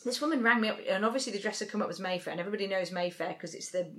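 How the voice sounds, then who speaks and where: Bright-voiced woman telling animated stories. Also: mid-range voice, very fast. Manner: animated storyteller, mimics voices. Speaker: podcast co-host. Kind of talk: casual chat.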